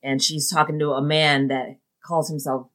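A woman co-hosting a casual chat, blunt and quick to swear and laugh. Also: sits low, little pitch movement, a bit bright. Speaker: podcast co-host.

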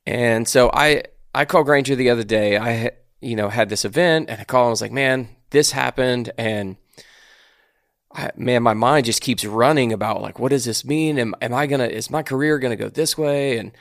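A man's voice: mid-range voice, normal speed, dry recording, clean studio sound. A man co-hosting a faith-based podcast, talking in a casual, reflective way and often saying "man". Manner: reflective, casual, says "man" and "dude" a lot. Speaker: podcast co-host.

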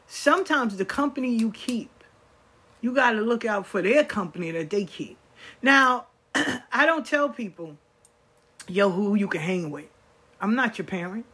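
A woman's voice: a little high, a bit bright, husky. A woman telling a story in a casual monologue, emphatic and repeating phrases as she quotes people she has talked to.

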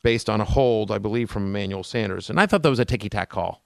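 A man's voice: lowish voice, fast talker, vocal fry, dry recording, studio quality. A man co-hosting a fantasy football podcast, talking casually with frequent fillers and restarts. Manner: conversational, hedging with fillers. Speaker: podcast co-host.

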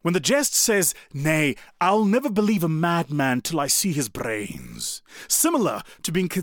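A man giving a motivational talk, his pitch sitting a little high and swinging widely as he leans into points. He talks in an animated, conversational way, and the sound is dry and close. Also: no echo. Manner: animated, conversational, asks the audience. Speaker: public speaker.

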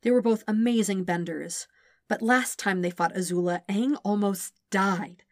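A woman reading a fan fiction audiobook in a steady, gentle storytelling manner. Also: medium pitch, moderate pace, no room sound, studio quality. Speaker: podfic reader.

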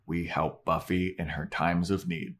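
A man's voice: low voice, little pitch movement, unhurried, fairly bright tone. A young man co-hosting a podcast, casually retelling an episode scene by scene, acting out quotes with swearing. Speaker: podcast co-host. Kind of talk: casual chat recapping an episode.

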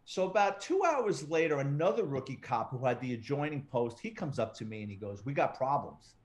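A middle-aged man, a retired police detective, telling profane, animated stories as an interview guest. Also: medium pitch, a little fast. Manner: profane, animated anecdote-telling with quoted dialogue. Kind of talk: casual storytelling interview.

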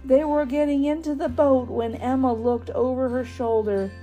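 A woman reading a children's storybook aloud, expressive with dramatic pauses. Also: high voice, soft background music.

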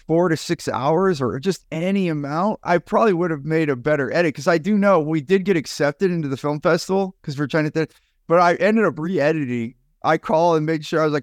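A middle-aged man co-hosting a casual podcast, telling stories in an earnest, animated way. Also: on the high side, dry recording, studio quality. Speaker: podcast co-host.

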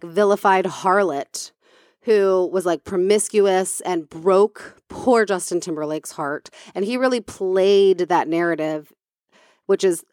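A woman's voice: lowish voice, dry recording, studio quality. A woman co-hosting a casual chat, talking freely with many fillers and restarts.

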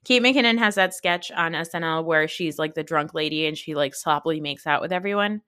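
A woman's voice: deep voice, a little fast, bright, forceful tone, clean tone, no echo. A woman hosting a podcast, giving casual, snarky commentary on a reality show and swearing freely. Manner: chatty, snarky, swears freely, laughs often. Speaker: podcast host.

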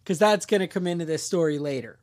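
Jokey high-voiced guy telling a crime story. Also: fast, darkish tone. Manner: jokey, rambling, acts out quotes. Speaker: podcast host. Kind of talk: casual true-crime storytelling.

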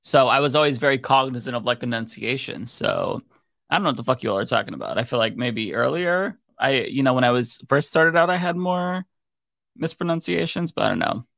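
Co-host type: joking man, middle pitch, dry studio mic. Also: expressive, fairly quick, vocal fry, fairly bright tone, no echo. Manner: joking, mock-offended. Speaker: podcast co-host reading super chats. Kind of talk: casual panel chat.

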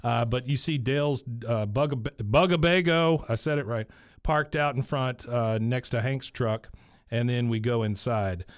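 A man's voice: medium pitch, steady tone, a little slow, no echo, clean studio sound. A man, casually recapping a TV episode with many fillers and asides. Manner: rambling retelling with many fillers and laughs. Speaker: podcast host recapping an episode. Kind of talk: casual chat.

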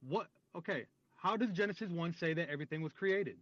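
Combative man with a high voice. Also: brisk, fairly bright tone, dry recording, dull audio. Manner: combative, sarcastic, repeats his questions. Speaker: debater. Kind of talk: heated theological debate.

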